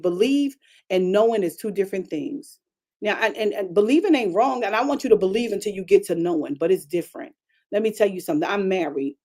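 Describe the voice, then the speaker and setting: A woman pastor delivers a broadcast sermon in a loose, conversational way, repeating key phrases and addressing the congregation directly. Her voice sits at an ordinary pitch for a woman, with a warm, mellow tone. She gets animated, stumbles into restarts and keeps pushing forward. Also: brisk. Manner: chatty, repetitive, calls out to the congregation; animated preaching with frequent restarts.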